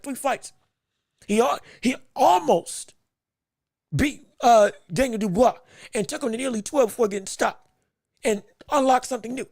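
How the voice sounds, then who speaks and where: Gravelly, excitable man hosting a live stream. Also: very high-pitched, no echo, studio quality. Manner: excitable, breaks into laughter, stumbles and restarts, shouts greetings to viewers. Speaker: podcast host. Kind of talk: live-stream boxing talk, reading chat comments.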